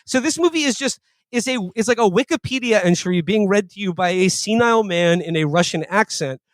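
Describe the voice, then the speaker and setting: A man's voice: sits high, expressive, fairly quick, no echo. A man co-hosting a comedy podcast, talking in a rambling, mocking way with frequent laughs. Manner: rambling, laughing, mocking mock-Russian impressions. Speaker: podcast co-host. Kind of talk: casual comedic chat.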